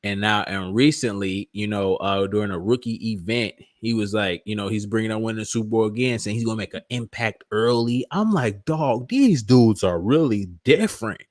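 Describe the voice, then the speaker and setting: A man hosting a fan channel, giving casual, excitable reaction commentary full of slang and repetition. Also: fairly low pitch, a little fast, few pauses, no echo, clean studio sound. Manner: excitable, repeats himself, slangy.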